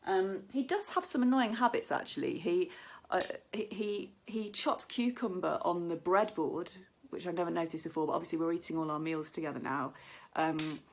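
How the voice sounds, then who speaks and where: A woman's voice: fairly low pitch, normal speed, slight background noise. A woman performing a stand-up comedy set, telling chatty stories and acting out the voices of people she quotes.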